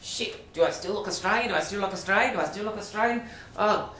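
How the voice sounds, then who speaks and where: A man voicing a frantic, swearing man in a fez, with shrill, squealing outbursts in a comic sketch voice. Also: fast, sharp tone, slight background noise. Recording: roomy echo, distant from mic.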